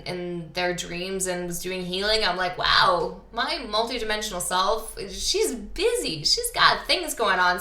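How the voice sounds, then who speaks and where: A Canadian woman hosts a podcast, chatting casually and enthusiastically about spiritual topics with plenty of fillers. Her voice is medium-pitched and sharp in tone, and the recording is reverberant.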